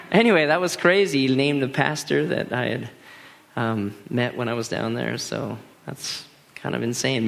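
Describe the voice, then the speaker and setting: A man in his thirties, a pastor telling personal stories in a lively, animated sermon full of restarts. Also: medium pitch, creaky. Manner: animated, laughing storyteller with many restarts. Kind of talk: storytelling sermon.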